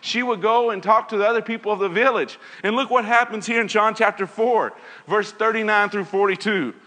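A man's voice: high-pitched, steady tone, brisk, sharp tone, big-room sound. A man leading an evening Bible lesson, earnest and repetitive, reading scripture aloud. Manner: earnest, repeats phrases, reads scripture aloud. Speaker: Bible teacher.

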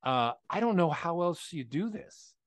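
A man's voice: on the high side, sing-song, unhurried, no room sound. Candid man, dry close sound. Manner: candid storytelling, tags with "right?". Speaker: podcast co-host. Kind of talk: casual faith conversation.

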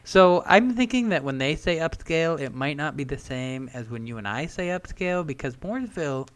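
A man's voice: mid-range voice, smooth. A man in his thirties co-hosting a casual chat, joking with a wry, laid-back manner. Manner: wry, joking, drawn-out asides. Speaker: podcast co-host.

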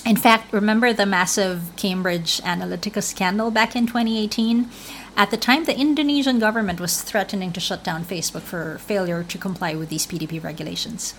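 Woman correspondent explaining stuff, lots of ums, middle pitch, faint hiss behind her. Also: fairly even intonation, fairly quick. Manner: explanatory, with frequent fillers. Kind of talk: explanatory interview answers. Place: remote link from another city.

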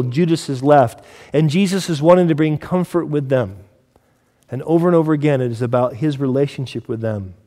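A man preaching a sermon, sometimes hushed and intimate, sometimes loud and emphatic when reading scripture. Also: medium pitch. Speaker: pastor. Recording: long reverb of a large hall.

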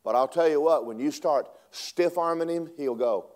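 A man preaching a sermon, swinging between loud emphatic lines and hushed asides. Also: a little high, moderate pace.

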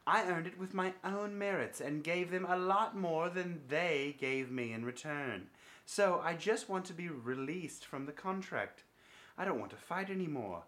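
A man's voice: fairly high pitch, lively intonation, normal speed, a bit bright. A man putting on a British accent to read out the defiant words of a proud male fighter, with some laughing slips. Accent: British English. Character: proud aggrieved male fighter quoted aloud.

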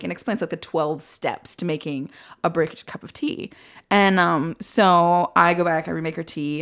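A woman guest on a podcast, telling stories in a casual, animated way, acting out quoted voices and often laughing. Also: lowish voice, creaky. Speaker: guest, film director. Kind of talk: casual podcast interview storytelling.

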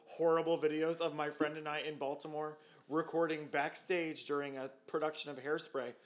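A man's voice: fairly high pitch, little pitch movement, moderate pace. A man hosting a casual podcast, bantering in a campy, teasing and blunt way. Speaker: podcast host.

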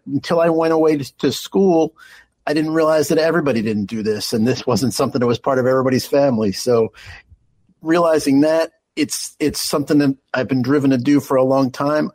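A man's voice: mid-range voice, darkish tone, no echo, rough recording. A middle-aged man from Philadelphia, a guest on a radio show, answering in an earnest way with frequent restarts. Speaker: guest, party executive director. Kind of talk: radio interview.

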